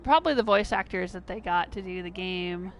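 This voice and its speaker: A middle-aged American woman chatting casually on a game livestream. She laughs often and jumps to a high pitch when she is surprised. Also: brisk, a little hiss or hum. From United States. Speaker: game streamer.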